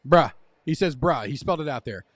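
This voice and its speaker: A man's voice: on the high side, lively intonation, brisk, a crowd in the background. A man co-hosting a casual live podcast from a bar table, easygoing and joking. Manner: easygoing, joking, explains plainly. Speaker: podcast co-host. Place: table at a bar during an autumn beer festival.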